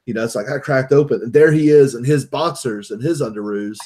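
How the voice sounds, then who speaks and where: A man's voice: medium pitch, brisk, a little mellow, slight background noise. A man on a podcast telling a crude, joking story with plenty of profanity, acting out what his friends said. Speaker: podcast co-host. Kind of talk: casual storytelling chat.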